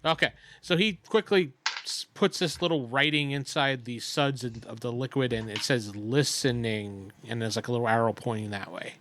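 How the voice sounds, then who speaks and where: A man with a bright, forward voice at an average pitch, running a tabletop game for his friends. He sets scenes and explains dice rolls in a relaxed, plain manner, heard over an online call. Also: moderate pace, few pauses, slight background noise. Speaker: dungeon master.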